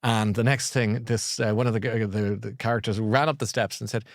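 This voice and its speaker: A man's voice: fairly low pitch, steady tone, a little fast, hardly any pauses, no room sound, studio quality. A man hosting a live show about books and films, chatty and enthusiastic. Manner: chatty and enthusiastic, with frequent restarts. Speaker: host of a live book and culture show.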